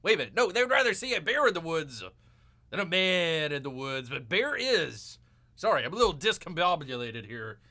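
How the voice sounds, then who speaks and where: A man's voice: on the high side, sing-song, moderate pace, bright, forceful tone, full character voice. A man putting on Bear, a folksy blustery bear. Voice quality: folksy, blustery, keeps saying "people". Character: blustery male bear character, a comedic political hopeful. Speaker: show host in character. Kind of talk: comedic in-character monologue.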